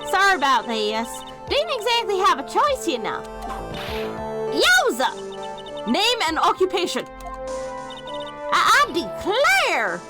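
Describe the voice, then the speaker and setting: A woman voicing a brash, folksy woman photographer with a loud drawling twang, over game music. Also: extremely high pitch, huge pitch swings, measured pace, pitched above the performer's own voice, exaggerated voice.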